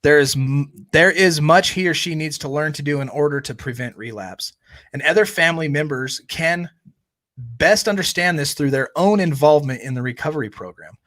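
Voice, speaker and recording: A man's voice: on the high side, normal speed, fairly bright tone. A man co-hosting a family recovery channel, chatting casually and often tagging his points with a questioning "right?". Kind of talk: casual chat.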